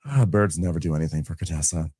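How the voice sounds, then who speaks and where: A man co-hosting a casual recap podcast from home, animated and quick to mimic people in high mocking voices. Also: breathy edge, no room sound, studio quality. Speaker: podcast co-host. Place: home room.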